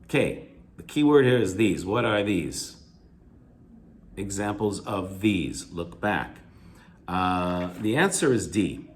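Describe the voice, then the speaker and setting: A male English teacher goes over reading answers in a recorded video lecture, restating each key word with simpler synonyms and repeating himself as he works through them. He speaks slowly and expressively with long pauses, stretching his pitch up on examples and letting the ends of phrases drop quiet.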